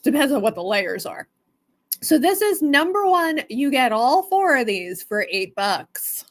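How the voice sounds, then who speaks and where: A woman's voice: high-pitched, very animated, unhurried. A woman hosting a live stone sale stream, chatting casually and greeting viewers by name.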